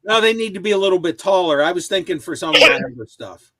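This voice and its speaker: A man chatting casually on a live stream over a video call, animated and eager. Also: high voice, quick pace.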